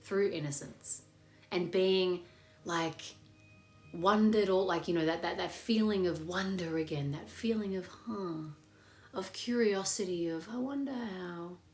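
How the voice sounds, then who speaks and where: Upbeat, loose-talking woman host guiding a meditation; echoey room with soft music under. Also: on the low side, a little slow. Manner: chatty and upbeat, swears freely. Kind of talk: casual live chat leading a meditation.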